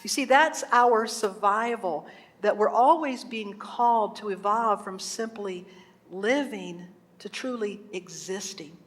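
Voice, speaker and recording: A woman's voice: mid-range voice, takes it slowly. A woman minister giving an earnest sermon in a church, telling stories and asking the congregation questions. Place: church sanctuary. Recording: echoey hall.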